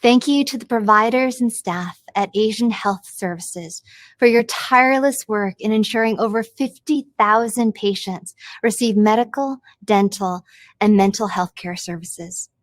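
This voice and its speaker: A woman's voice: medium pitch, measured pace, no room sound. A woman executive giving a recorded, scripted message of thanks. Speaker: company executive.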